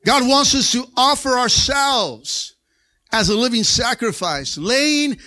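Preacher guy with a bright sharp voice, keeps asking for amens, gets shouty. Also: very high-pitched, slow. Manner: call-and-response preaching, asks for amens; excitable, rising to shouts. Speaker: pastor. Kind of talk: Pentecostal sermon. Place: church sanctuary.

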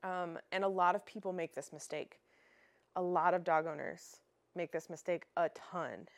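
A woman's voice: on the low side, no room sound. A young woman hosting a dog training podcast, explaining in a casual, chatty way with fillers and restarts.

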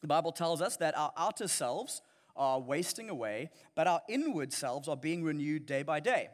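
A man's voice: a little high, lively intonation, moderate pace, big-room sound. A man preaching a sermon as a pastor, earnest and emphatic, often restarting his phrases.

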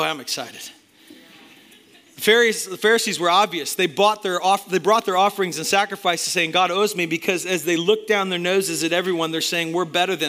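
A male pastor delivers a fired-up sermon in a high-pitched, bright voice. He swings between loud, emphatic bursts and hushed, intense passages as he addresses his church.

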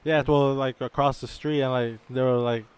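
Casting: man, mid-pitched, smooth resonant voice, loose profane podcast storyteller. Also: steady tone, normal speed. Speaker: podcast co-host. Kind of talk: casual storytelling among friends.

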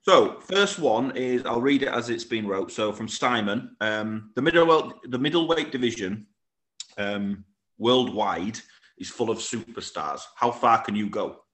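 A man hosts a casual interview in a friendly, chatty way. His pitch moves around a lot as he talks. The room around him gives his voice a noticeable echo. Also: expressive, unhurried, a bit bright. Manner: friendly, chatty, reads listener questions.

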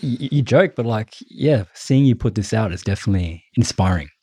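A man and podcast co-host speaking in a thoughtful, measured and hedging way in casual chat. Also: fairly low pitch, expressive, mellow, slightly rough, no echo.

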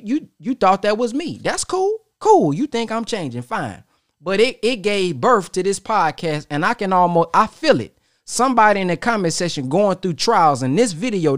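Animated man addressing viewers. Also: high-pitched, no echo, studio quality. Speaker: podcast host. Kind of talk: casual monologue to viewers.

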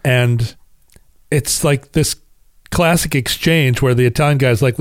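A man's voice: mid-range voice, measured pace, no room sound, clean studio sound. A man co-hosting a film review podcast, telling stories with laughs and restarts in casual chat. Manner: animated, laughing storyteller with many restarts. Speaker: podcast co-host.

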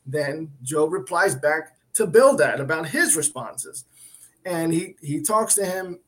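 A man's voice: fairly high pitch, expressive, slow pace, a bit bright, slight background noise. A man co-hosting a Christian talk show, teaching from the Bible in an earnest, emphatic way, often restarting and repeating himself. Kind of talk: Bible teaching in casual chat.

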